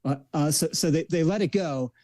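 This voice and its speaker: A man in a casual political chat who speaks haltingly, stumbling and repeating words. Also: fairly high pitch, mellow, no echo.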